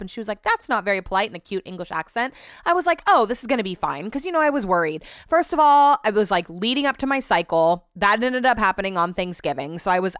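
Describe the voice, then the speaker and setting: Woman podcast host, young adult, chatty rambling storyteller, smooth clear voice, dry close sound. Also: mid-range voice, fairly bright tone, no room sound. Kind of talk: casual chat.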